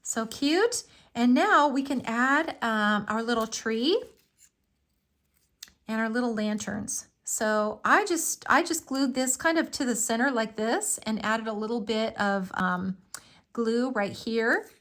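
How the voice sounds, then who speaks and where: A woman's voice: a little high, slow pace, a bit bright. A woman hosting a live craft tutorial, talking through each step in a chatty, enthusiastic way with frequent fillers.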